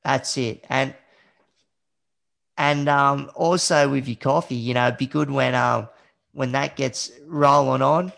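An Australian man hosts a podcast in a casual, hesitant manner, often calling his guest "mate". His voice sits in a middle pitch with a gravelly fry. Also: steady tone, slow, fairly bright tone. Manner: friendly, says "mate", hesitant. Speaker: podcast host. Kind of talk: casual interview chat.

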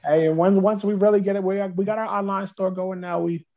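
An upbeat man from New Jersey chats as a podcast guest, his voice pitched a little high and gravelly with fry. He rambles and repeats words as he talks. The call audio is dull and lo-fi. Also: fairly even intonation, fairly quick. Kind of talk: casual interview chat.

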